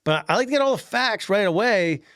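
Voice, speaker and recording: A man on a podcast telling a workplace story in casual chat, animated, laughing often and acting out the people he quotes. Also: high voice, fairly quick, no echo, clean studio sound. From Pennsylvania.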